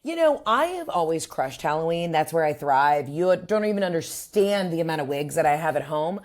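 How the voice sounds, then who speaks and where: A woman's voice: deep voice, sing-song, normal speed. A woman comedian as a podcast guest, talking in a brash, crude, storytelling way. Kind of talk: casual chat.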